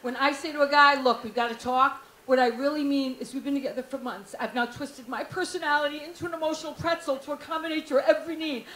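A woman's voice: high-pitched, fairly even intonation, fast talker, hardly any pauses, a bit bright. A woman doing a stand-up comedy set, brash and frank, teasing the crowd. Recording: echoey club room, faint noise.

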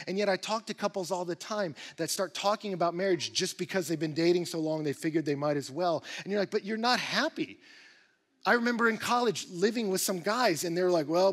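A male pastor preaching a sermon in an animated, emphatic way, with rising bursts of energy. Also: high voice, long reverb tail. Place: church auditorium.

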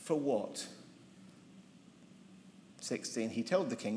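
A man teaching a Bible seminar, telling the story with lively irony and humour and acting out the characters. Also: medium pitch, takes it slowly, pauses often. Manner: lively, humorous, ironic storytelling, acting out voices. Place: large convention hall. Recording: roomy hall reverb, faint noise.

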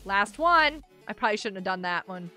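A woman's voice: medium pitch, animated, a little fast, bright, forceful tone, soft background music. A young woman streaming a game live, bubbly and exclaiming, chatting with viewers as she plays. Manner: bubbly, exclaims and laughs often, talks to chat.

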